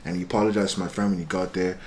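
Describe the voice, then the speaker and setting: A man's voice: deep voice, little pitch movement, rapid-fire. A young man from Ireland, telling a story casually as a podcast guest, full of fillers and restarts. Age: young adult. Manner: rambling, many fillers and restarts, acts out quoted voices. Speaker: guest musician.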